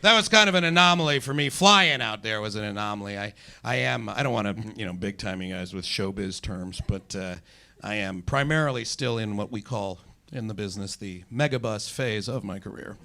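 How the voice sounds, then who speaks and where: A man's voice: on the low side, fairly quick, gravelly, sharp tone. A young man doing a stand-up comedy set on a club stage, rambling and self-deprecating with lots of fillers.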